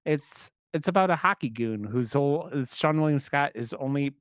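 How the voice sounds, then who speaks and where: A man's voice: on the high side, animated, moderate pace, no room sound, studio quality. A man hosting a podcast in casual chat, loose and profane in his banter. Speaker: podcast host.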